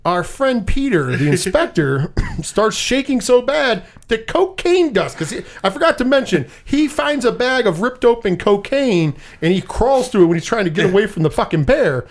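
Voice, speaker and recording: A man co-hosting a podcast, casually recapping a movie in animated style, swearing freely and acting out the characters' lines. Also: sits high, normal speed, hardly any pauses. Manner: animated, swears often, acts out quotes.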